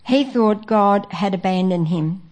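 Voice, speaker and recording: A woman delivers a sermon in an earnest, steady voice of middle pitch. She pauses often with small fillers as she builds her points. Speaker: preacher.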